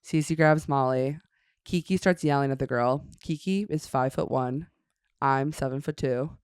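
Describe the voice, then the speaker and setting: A woman in her thirties from Chicago, a guest comedian telling an animated, self-mocking story on a podcast. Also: extremely low pitch, normal speed, smooth, dry recording, studio quality. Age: 30s.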